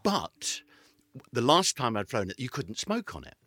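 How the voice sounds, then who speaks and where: A man's voice: mid-range voice, huge pitch swings, a little slow, bright, forceful tone, slightly rough, no room sound, clean studio sound. A man from England, a podcast guest telling anecdotes theatrically and acting out the quotes. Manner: theatrical storyteller, acts out quotes. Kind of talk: anecdotal celebrity interview.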